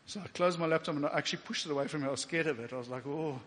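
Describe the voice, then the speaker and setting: A man's voice: on the high side, rapid-fire, a bit bright. A South African man preaching a personal testimony sermon in a church, talking conversationally and emotionally, with quoted inner speech and fillers. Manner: emotional, getting teary at times. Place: church hall. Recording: long church reverb.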